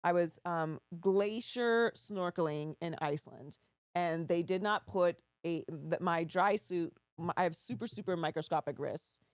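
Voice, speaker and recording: A woman hosts a podcast in a chatty, curious way, trading stories with her guest. Her voice is somewhat low for a woman. It sounds dry and close. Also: a little slow, clean tone, no room sound. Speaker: host. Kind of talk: casual chat.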